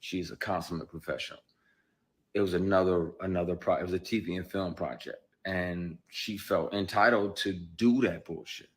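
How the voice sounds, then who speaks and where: A man's voice: low-pitched, steady tone, moderate pace. A middle-aged man speaking candidly about his work as an actor, blunt and emphatic, with plenty of profanity and rising intensity. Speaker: actor telling his story. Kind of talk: candid conversational interview.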